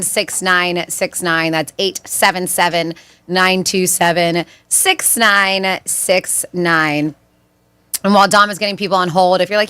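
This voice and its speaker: Bright, teasing female radio co-host. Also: medium pitch, smooth, no room sound. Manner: laughing, teasing. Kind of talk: casual radio banter and promo reads.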